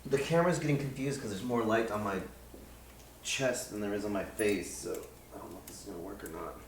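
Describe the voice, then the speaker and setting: A man's voice: fairly low pitch, brisk, slight background noise. Chatty man streaming a game. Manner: rambling, chatty, many fillers. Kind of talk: casual live game commentary. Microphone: desk mic. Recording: roomy room with game music.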